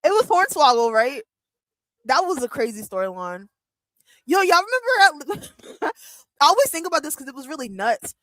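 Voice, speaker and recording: Chatty, excitable young woman, dry close sound. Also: sits high, moderate pace, pauses often, dry recording. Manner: chatty, excitable, lots of "like" and laughs. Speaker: wrestling watch-along streamer. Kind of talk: casual chat.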